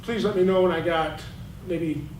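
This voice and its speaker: Breaking down game film at a clinic, this male football coach talks at normal speed in a high-pitched voice. His delivery is blunt, animated, and full of fire. The recording sounds roomy, picked up by a distant mic with a faint hiss of noise.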